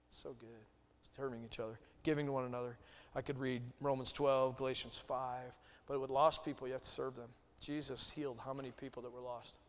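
A man preaching a sermon as a Baptist pastor, telling stories in a relaxed, conversational way and acting out quoted voices. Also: mid-range voice. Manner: conversational storytelling, animated acted quotes. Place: church sanctuary. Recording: long reverb of a church hall.

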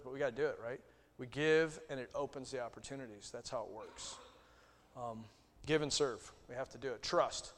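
A man preaching a sermon as a Baptist pastor, telling stories in a relaxed, conversational way and acting out quoted voices. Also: mid-range voice. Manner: conversational storytelling, animated acted quotes. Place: church sanctuary. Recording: long reverb of a church hall.

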